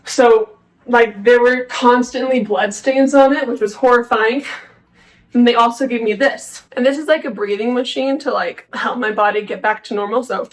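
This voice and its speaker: A woman's voice: on the high side, normal speed, poor audio. Chatty young woman vlogger. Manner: chatty, frequent "like" fillers, candid and self-mocking. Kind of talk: casual storytelling.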